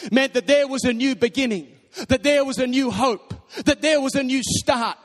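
A young man preaching a sermon, telling stories animatedly and breaking into shouts. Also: very high voice, moderate pace. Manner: animated storytelling, bursts into shouting. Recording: long reverb of a large hall.

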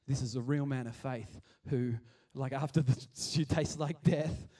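A man giving a chatty, animated sermon and acting out the scenes he tells. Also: medium pitch, a little slow, distant mic. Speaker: preacher. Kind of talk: casual sermon.

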